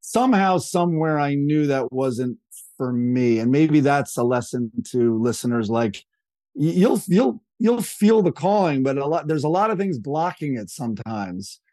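A man in his fifties telling stories as a podcast guest, lively and casual, acting out what others said. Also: on the high side, moderate pace, no room sound. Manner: animated storyteller, acts out quotes in a raised voice. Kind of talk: casual storytelling chat.

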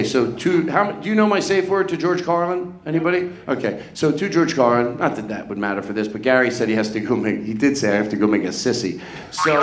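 A man's voice: fairly high pitch, echoey room. A man, a comedian hosting a live podcast before an audience in a hotel event room, chatting and rambling in self-mocking stand-up banter.

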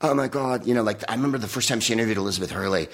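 A man comedian in casual conversation, telling profane, animated stories. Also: medium pitch, racing. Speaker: comedian guest. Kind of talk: casual chat.

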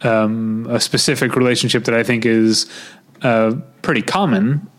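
A man's voice: mid-range voice, steady tone, moderate pace. Midwestern guy chatting on a podcast, rambly, lots of um and uh. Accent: Midwestern American. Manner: rambling, lots of fillers and self-corrections. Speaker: podcast co-host. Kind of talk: casual chat.

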